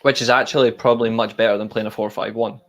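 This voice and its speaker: A man gives opinionated football analysis on a casual live stream. His voice sits fairly low, and he rambles through his points with plenty of restarts. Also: steady tone, fast. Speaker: co-host of a football watchalong.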